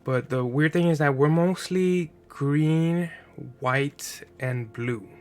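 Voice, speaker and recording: Talking slowly in a somewhat high voice, a man chats as he builds a card game deck, thinking out loud. Allergies make him a bit nasal, and he leans on fillers and a rhetorical "right?" in this casual gameplay commentary.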